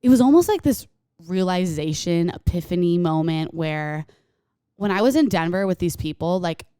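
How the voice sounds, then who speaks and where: A woman's voice: fairly low pitch, moderate pace, smooth, no echo, studio quality. A woman in her twenties co-hosting a podcast, chatting casually and telling stories with lots of "like.". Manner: animated storytelling, frequent "like". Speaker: podcast co-host. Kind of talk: casual chat.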